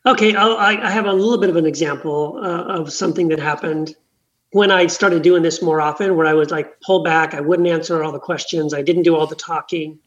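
A man's voice: fairly high pitch, steady tone, a little fast, highs cut off. A man who leads small church gatherings, telling a story in an earnest, conversational way.

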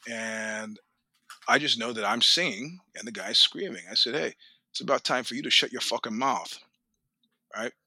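Bright-voiced man telling fight stories. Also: mid-range voice, moderate pace, creaky, no echo. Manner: animated, profane, laughs often, acts out quoted lines. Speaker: podcast guest. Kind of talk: storytelling in a casual interview.

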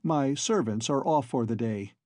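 A man's voice: mid-range voice, moderate pace, mellow, no room sound, clean studio sound, natural voice. A man voicing a wary, well-groomed hacienda master who speaks in curt, formal commands. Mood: hospitable.

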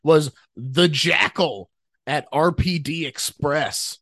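A man's voice: on the high side, slow, fairly bright tone, no echo, studio quality. A man co-hosting a podcast, chatting casually with a wry, joking manner. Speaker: podcast co-host. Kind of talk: casual chat.

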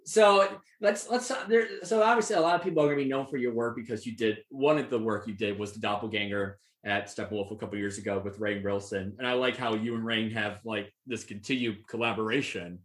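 A man's voice: on the low side, brisk, hardly any pauses, fairly bright tone. A man hosting an interview, chatty and eager, often restarting his questions. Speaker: podcast host. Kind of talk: casual interview chat. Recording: echoey room.

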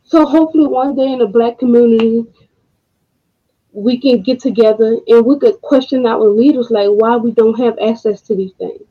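A woman hosting a podcast, speaking in a casual monologue, emotional and frustrated, with slow deliberate pauses. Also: fairly high pitch. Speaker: podcast host. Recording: dull lo-fi audio.

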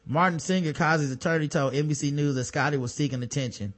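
A man of middling pitch co-hosts a casual podcast. He reads news stories aloud in a plain voice, then stops to throw in blunt, profane, sarcastic asides. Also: fast talker, few pauses, a bit bright. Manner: sarcastic, profane commentary between read-out news items. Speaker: podcast co-host.

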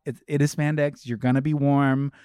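A young man co-hosting a casual podcast, talking in an animated, swearing rush and acting out lines from a film. His voice sits at a middling pitch. The sound is dry and close. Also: moderate pace, clean tone, dry recording. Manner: animated, swearing, acts out quotes. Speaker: podcast co-host. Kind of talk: casual chat.

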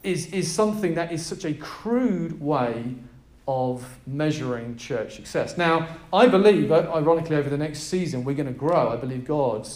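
Male pastor, high voice, energetic and emphatic sermon delivery, roomy echo. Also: moderate pace. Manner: emphatic, energetic preaching with audience prompts. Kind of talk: sermon to a live group. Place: room with a gathered group.

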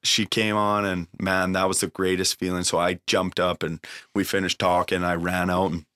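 Deep-voiced young man telling a raw story. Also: flat delivery, normal speed, fairly bright tone, clean tone, no echo. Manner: swears freely, emotional, lots of fillers. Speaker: guest sharing a recovery story. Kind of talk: casual storytelling.

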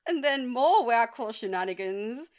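A woman's voice: a little high, lively intonation, normal speed, a little mellow. Frank woman podcaster recapping a film. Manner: frank, recaps the plot plainly. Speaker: podcast co-host. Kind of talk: casual chat.

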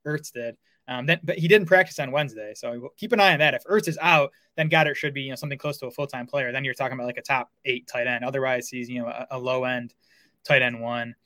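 Fast-talking man breaking down fantasy football. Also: medium pitch, fairly even intonation, bright, forceful tone, dry recording. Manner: fast, filler-heavy talk with restarts. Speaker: fantasy football podcast co-host. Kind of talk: casual sports analysis chat.

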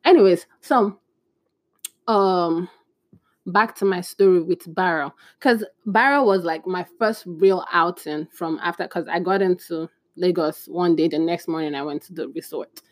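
A woman vlogging in a casual, animated storytelling way, chatty and laughing at her own stories. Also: lowish voice, measured pace, no echo.

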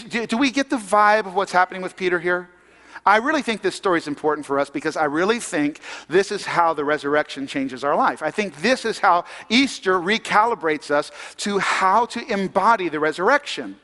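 A man's voice: high-pitched, bright, forceful tone. Man preaching in a reverberant hall. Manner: conversational, asks the congregation questions. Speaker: pastor. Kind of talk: sermon.

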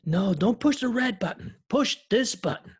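A man playing a gruff raccoon space mercenary in a mock tough Philly accent. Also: high voice, lively intonation, normal speed, pitched above the performer's own voice, full character voice. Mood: bossy.

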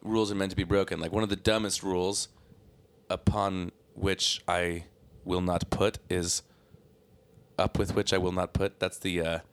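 A man's voice: low voice, level tone, normal speed, smooth. A man chatting as a podcast guest, talkative and wordy with a joking edge. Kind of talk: casual chat.

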